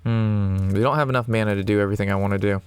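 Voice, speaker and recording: A man's voice: on the low side, fairly even intonation, racing, smooth, no room sound. A man in his twenties giving casual, rambling commentary on his own card game match, swearing and laughing often. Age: 20s. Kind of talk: casual gameplay commentary mixed with an anecdote.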